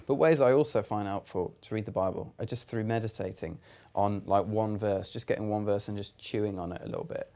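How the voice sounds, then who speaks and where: Earnest young British man, lowish voice. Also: fairly quick, darkish tone. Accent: British English. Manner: earnest, conversational, with fillers and restarts. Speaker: youth church speaker. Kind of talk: casual explanatory talk to camera.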